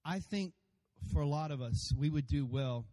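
A pastor preaching a sermon to his congregation, animated and playful, acting out voices and calling for amens. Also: on the high side, normal speed. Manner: animated, acts out funny voices for God and congregants; addresses congregation by name, calls for amens.

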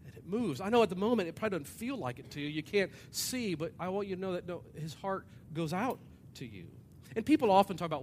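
Male pastor mid-sermon, animated and dramatic, acting out voices, a touch high-pitched, faint rumble in the room. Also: quick pace. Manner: animated, acts out voices, swings from loud to hushed. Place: church hall with an audience.

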